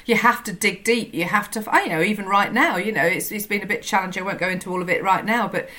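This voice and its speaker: A woman's voice: mid-range voice, fast, pushed and bright. A woman hosting an interview, full of enthusiastic praise for her guest and asking rambling questions. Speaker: interview host. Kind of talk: conversational interview.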